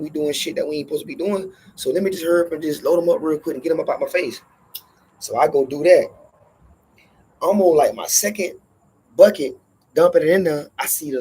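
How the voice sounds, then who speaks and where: A man telling a profane workplace story in casual storytelling style, animated and acting out every line of dialogue. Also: fairly high pitch, breathy edge.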